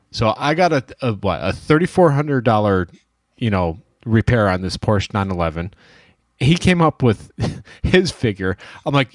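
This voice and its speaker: A man's voice: mid-range voice, no echo, studio quality. A man who runs a dent repair shop, telling a story in casual shop talk and acting out the dialogue. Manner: storytelling, acts out quoted dialogue. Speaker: dent repair shop owner, show host.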